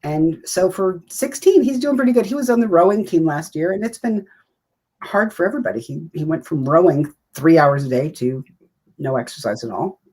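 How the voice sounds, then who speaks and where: Husky chatty woman in her fifties. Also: deep voice, animated, moderate pace, dark tone. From United States. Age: 50s. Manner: chatty, rambling, self-deprecating humor. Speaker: writer and guest. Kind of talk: casual interview talk.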